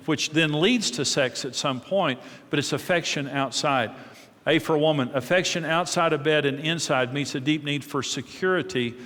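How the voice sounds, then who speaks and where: A middle-aged man speaks to a live audience about marriage, in a relaxed, conversational teaching manner full of anecdotes and repeated words. His voice sits a bit high for a man. The sound carries a long reverb from a large hall.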